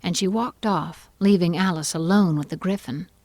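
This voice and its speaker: Low-voiced woman narrating a storybook. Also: moderate pace, darkish tone, no echo. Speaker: audiobook narrator. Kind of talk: scripted narration.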